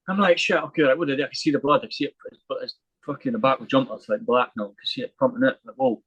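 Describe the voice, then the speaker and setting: A young adult man, a podcast guest telling a story in casual interview talk, animated and swearing freely. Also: medium pitch, rapid-fire, husky, dry recording, muffled recording.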